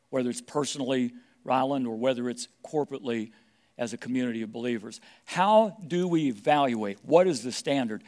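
A middle-aged man preaches a sermon in a voice of ordinary pitch. He presses hard on his points and builds them by repeating key phrases. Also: expressive, moderate pace, darkish tone. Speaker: pastor.

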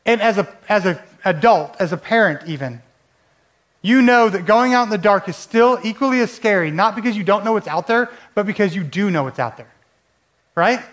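High-voiced man preaching a sermon. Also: lively intonation, normal speed, fairly bright tone. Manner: conversational preaching with rhetorical questions. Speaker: pastor.

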